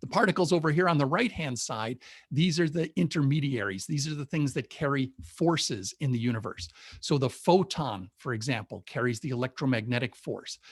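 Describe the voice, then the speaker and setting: Here a man with a medium-pitched, slightly rough voice presents a casual science talk on a webinar from home or an office. He explains methodically and enthusiastically, and the video call mic gives a dry, clean studio-like sound.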